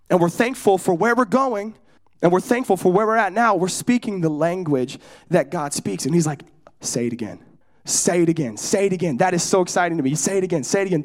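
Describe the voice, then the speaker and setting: A man from California gives a casual, joke-filled sermon in a high voice. He tells personal stories and turns to the audience with questions and asides, drifting off topic before coming back. He speaks as a young adult preacher at ease with his crowd. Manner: joking, storytelling, audience asides. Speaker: pastor.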